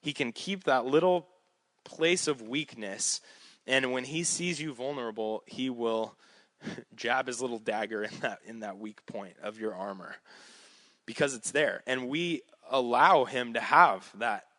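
A man's voice: medium pitch, a little slow, bright, forceful tone, no room sound. A man preaching a sermon, reading scripture and then talking it through in a casual, conversational way with light laughs.

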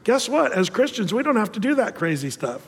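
A man preaching with animated scorn against false teaching, acting out the people he quotes. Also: sits high, brisk, breathy edge, in a large hall. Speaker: pastor.

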